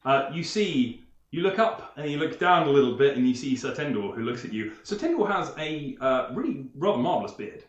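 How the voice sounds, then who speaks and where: A man's voice: medium pitch, big pitch swings, a little fast, roomy sound, highs cut off. A man narrating as game master in a tabletop game, rambling and chuckling, with frequent restarts.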